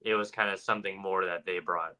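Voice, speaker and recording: A man from Georgia co-hosting a casual paranormal podcast, relaxed and quick to chuckle. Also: low voice, low-quality recording. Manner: laid-back, chuckling reactions. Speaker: podcast co-host.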